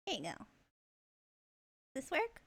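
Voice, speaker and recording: A young woman streaming a video game live, chatting with viewers in a giggly, excitable way. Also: sits high, slow pace.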